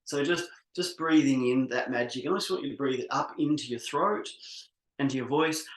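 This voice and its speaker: A man facilitating an online workshop, leading a slow, soothing guided exercise with many pauses over a video call. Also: mid-range voice, echoey room, low-quality recording.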